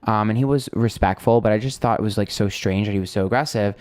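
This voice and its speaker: Young man with a smooth, low voice. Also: fast, a little mellow, dry recording, studio quality. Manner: rambling, swears freely, exasperated. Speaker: tarot reader and streamer. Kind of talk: casual storytelling chat.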